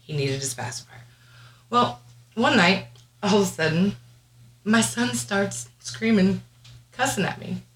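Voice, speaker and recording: A woman guest on a casual podcast, telling mom stories in an animated way, laughing and acting out voices. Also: medium pitch, unhurried, long pauses. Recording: echoey room, faint hiss.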